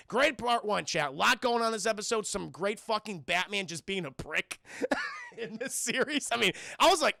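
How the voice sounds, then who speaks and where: A man's voice: high-pitched, moderate pace, creaky, no echo, clean studio sound. A man recapping a cartoon episode on a live stream, cursing freely and acting out scenes as he goes. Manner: profane, animated, acts out scenes in voices.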